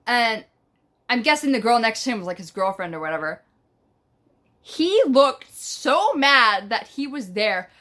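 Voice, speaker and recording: Bright, high-pitched New York woman vlogger. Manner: animated, profane, slangy storytelling. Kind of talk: casual storytime.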